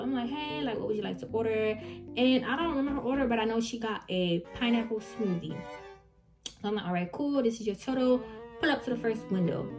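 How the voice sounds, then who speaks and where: Chatty woman telling a story. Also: mid-range voice. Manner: animated, chatty, addresses viewers as "y'all". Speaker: vlogger recounting fast-food job. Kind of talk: casual storytime.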